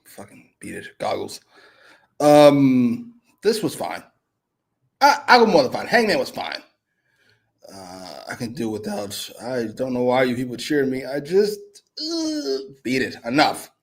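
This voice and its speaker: A man co-hosting a live wrestling review, cursing and swinging from low mutters to loud shouted rants. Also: very animated, unhurried, creaky. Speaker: wrestling show co-host. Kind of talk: profane live review chat.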